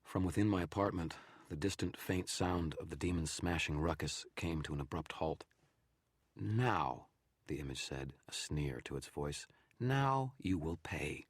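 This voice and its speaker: Man, storytelling narrator, extremely low voice, husky, close dry mic. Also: fairly even intonation, normal speed, no echo. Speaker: streamer reading a novel aloud. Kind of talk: audiobook narration, live stream.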